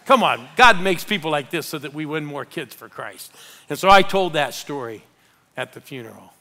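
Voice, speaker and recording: An older man preaching a live sermon as a pastor, animated and rallying the congregation with call-outs. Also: a little high, moderate pace.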